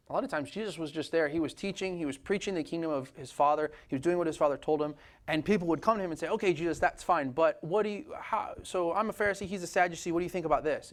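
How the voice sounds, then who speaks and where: A man preaching a sermon in a casual, conversational way, often asking "right?" and laughing lightly. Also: mid-range voice. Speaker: pastor.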